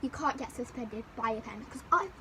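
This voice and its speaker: High-voiced girl telling a rambling story. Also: a little fast, slight background noise, rough recording. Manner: rambling, animated retelling with repeated phrases. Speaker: vlogger. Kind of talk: storytime chat.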